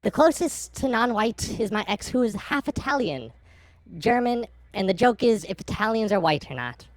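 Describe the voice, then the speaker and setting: A man voicing a young woman in an online chat, using a put-on high-pitched voice. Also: lively intonation, moderate pace, no room sound. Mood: flippant.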